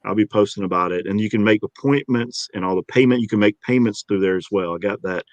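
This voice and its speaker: A man's voice: on the low side, quick pace, no echo, highs cut off. A man with a Georgia accent, an easygoing and chatty voice actor being interviewed. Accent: Georgia, US South. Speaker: voice actor guest. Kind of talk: casual interview talk.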